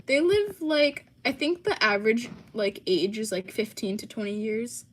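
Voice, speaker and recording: A woman's voice: on the high side, normal speed, slight background noise. A young American woman hosting a casual livestream and answering chat, with lots of ums and likes. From United States. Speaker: livestream host.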